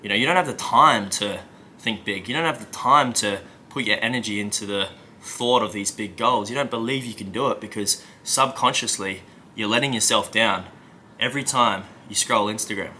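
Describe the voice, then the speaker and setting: Bright-voiced man giving motivational coaching. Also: lowish voice, normal speed, slight background noise. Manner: emphatic, conversational, keeps checking in with "right?". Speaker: self-help coach.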